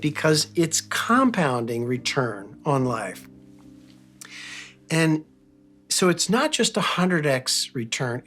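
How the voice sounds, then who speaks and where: An earnest man gives a reflective motivational talk in a slightly raised voice. He tells a personal story and stretches out his key phrases. Soft music plays faintly behind him. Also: on the high side. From United States. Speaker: podcast host.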